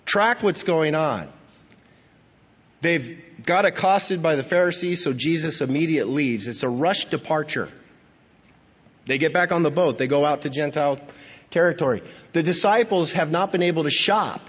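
A man's voice: a little high, moderate pace, slightly rough, long reverb tail, lo-fi sound. A male pastor preaching earnestly and emphatically, reading scripture and asking rhetorical questions.

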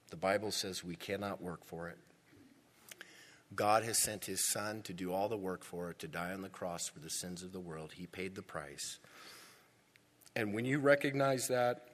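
A man's voice: sits low, big-room sound. A male pastor preaching a sermon in a church, emphatic and repeating words for stress.

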